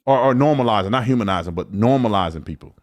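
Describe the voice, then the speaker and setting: A man's voice: fairly low pitch, expressive, fast. A man on a played clip from a commentary show, talking boastfully and confrontationally.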